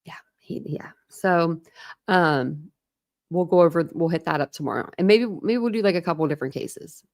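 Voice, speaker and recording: Chatty woman with a gravelly low voice. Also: moderate pace. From Ohio, born in Philadelphia. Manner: chatty, rambling, reads comments aloud and laughs often. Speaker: true crime livestream host. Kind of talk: casual chat with live chat viewers.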